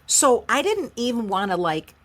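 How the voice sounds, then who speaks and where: A middle-aged woman from the United States, a singer-songwriter telling her story as an interview guest in a frank, emotional, animated way. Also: on the high side, normal speed. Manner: frank, emotional, animated retelling with quoted voices. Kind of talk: candid conversational storytelling.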